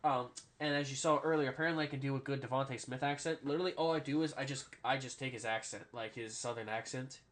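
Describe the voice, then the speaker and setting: Male podcast host, bright forceful voice, rambly, swears, keeps saying "all right?". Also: mid-range voice, steady tone, fast talker, hardly any pauses. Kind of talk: casual sports podcast chat.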